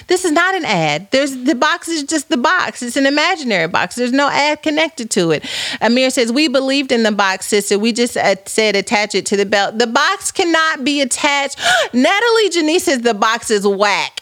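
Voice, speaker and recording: A woman's voice: on the high side, no echo. Playful podcast host woman, dry close sound. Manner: playful, animated, teasing. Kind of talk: casual chat reading live comments.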